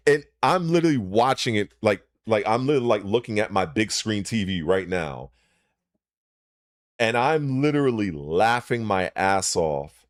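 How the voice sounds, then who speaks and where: Guy ranting about games, swearing a ton, pitch all over the place, dry sound. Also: animated, a little slow, no echo. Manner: profane, exasperated, swings between shouting emphasis and muttering. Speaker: channel host. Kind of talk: heated gaming rant.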